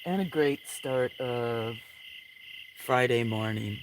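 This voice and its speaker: A man hosting a late-night livestream outdoors, chatting with viewers in a sleepy, relaxed way and yawning often. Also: medium pitch, slow pace. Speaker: livestream host. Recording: outdoor night ambience with insect noise. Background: crickets, frogs and insects.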